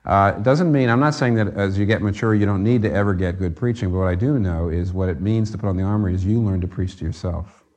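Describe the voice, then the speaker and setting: A man's voice: sits low, fast talker, a little mellow. A man preaching a sermon, earnest and conversational, rising to fervent emphasis on key points. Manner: conversational with fillers and restarts. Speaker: pastor.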